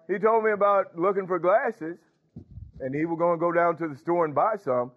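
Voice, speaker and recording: A man's voice: high-pitched, normal speed. Emphatic preaching man over a tinny line. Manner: emphatic preaching with call-and-response interjections. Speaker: pastor. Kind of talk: sermon. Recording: tinny phone-like sound.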